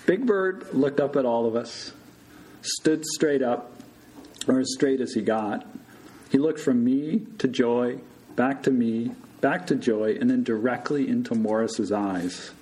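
A man, a surgical resident, telling a true story live to an audience in an unhurried manner. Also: medium pitch, mellow, low-quality recording.

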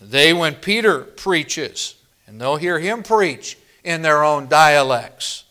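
A man preaching a sermon in a measured, unhurried way, pausing to ask his congregation questions as he works through the text. His voice sits a little higher than most men's. He grew up in the northern Midwest of the US. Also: lively intonation, pushed and bright. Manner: teacherly, asks the congregation questions. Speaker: pastor.

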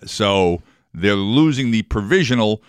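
A man's voice: fairly low pitch, lively intonation, a little slow, clear, resonant tone, no echo, studio quality. A man co-hosting a morning radio show, chatting casually and telling jokes with acted-out voices. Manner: jokey storyteller, acts out voices in jokes. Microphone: studio microphone.

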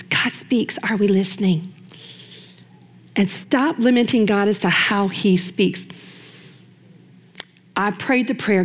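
A middle-aged woman preaches to a room of women with an earnest, personal delivery. Her voice sits at an ordinary pitch, and she slows for dramatic pauses before lifting her energy again. She sounds heartfelt and lively. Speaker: women's ministry speaker. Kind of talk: sermon.

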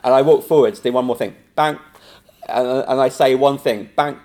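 A man's voice: mid-range voice, normal speed. A man, an improv teacher chatting casually as a guest, telling stories with lots of laughter and acted-out quotes. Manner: animated storytelling, laughing often, acting out quotes. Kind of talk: casual anecdotal chat.

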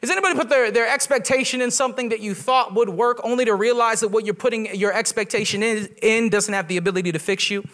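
High-voiced young pastor telling stories. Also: male voice, quick pace, few pauses. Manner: lively storytelling with quoted voices. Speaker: guest pastor. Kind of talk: humorous sermon. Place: church.

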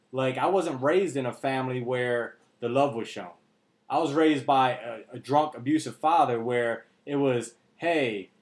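A man talking candidly and emotionally on a podcast, blunt and earnest, swearing freely. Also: medium pitch. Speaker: podcast co-host. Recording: roomy echo.

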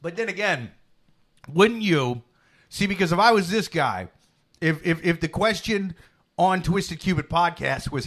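A man hosting a comedy podcast, chatting casually and animatedly, swearing freely and slipping into loud mock voices. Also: sits high, animated, unhurried. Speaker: podcast host.

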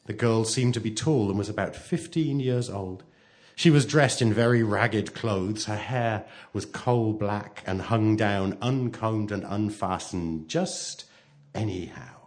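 A man reading a story aloud expressively, swinging from hushed to loud. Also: lowish voice, unhurried.

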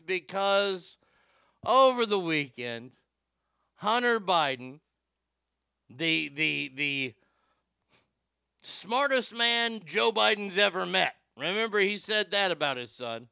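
A man's voice: high-pitched, very animated, takes it slowly, gravelly, pauses often, pushed and bright, clear, resonant tone, no room sound. A man hosting a political commentary show, sarcastic and profane, mocking what he plays. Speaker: host.

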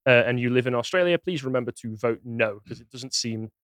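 A man co-hosting a podcast, mid-pitched and close on a dry, dead mic. He talks earnestly with a dry, wry streak of humour. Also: a little fast, a bit bright, no room sound. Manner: earnest, then dryly jokey. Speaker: podcast co-host. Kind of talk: casual chat.

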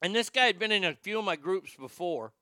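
A man telling a stand-up story, animated and profane, acting out the lines of the people in it. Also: sits high, a little fast, no room sound, clean studio sound. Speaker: stand-up comedian.

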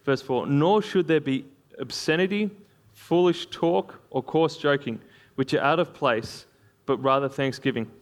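A man's voice: on the high side, measured pace. Man preaching a casual sermon. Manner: conversational, with frequent fillers and laughs.

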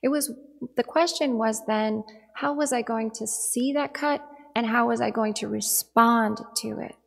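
A woman's voice: on the high side, measured pace, vocal fry. A woman in her forties giving a reflective dharma talk, telling a personal story in an earnest, storytelling manner.

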